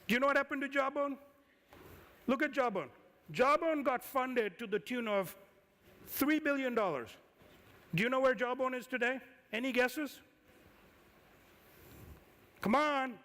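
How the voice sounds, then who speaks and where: A man giving a conference talk as an investor, lively and firing questions at the audience. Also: extremely high pitch. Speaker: conference speaker, angel investor. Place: conference hall. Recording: reverberant hall.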